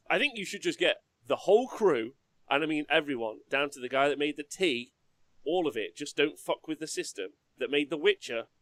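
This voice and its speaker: Guy cohosting a chill podcast, high-ish voice, super animated, laughs loads. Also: moderate pace, no room sound. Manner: laughs a lot, animated, jokey. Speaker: podcast co-host. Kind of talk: casual chat.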